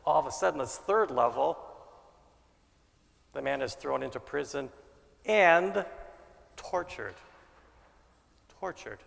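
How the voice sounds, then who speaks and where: Male preacher, strongly gravelly voice, dramatic swings in volume, recorded in a large echoing hall. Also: on the high side, animated, a little slow, pauses often. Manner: dramatic, shifts between loud bursts and soft asides. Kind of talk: sermon.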